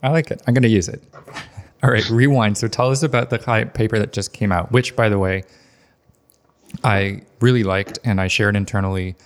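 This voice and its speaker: A man's voice: lowish voice, fairly even intonation, normal speed. A man hosting a podcast interview, asking friendly, curious questions. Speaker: podcast host.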